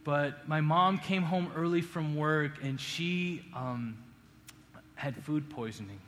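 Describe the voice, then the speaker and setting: A man preaching a sermon as pastor, earnest, rising to emphatic peaks and dropping to hushed appeals. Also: fairly high pitch, takes it slowly, a little hiss or hum. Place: church sanctuary. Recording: long hall reverb, faint room ambience.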